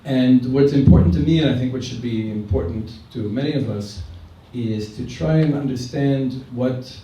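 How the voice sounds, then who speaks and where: A man's voice: mid-range voice, normal speed, mellow. A man speaking thoughtfully at a gathering, with many hesitations and fillers. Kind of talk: public talk. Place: indoor event hall. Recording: very echoey hall, far mic, faint room noise.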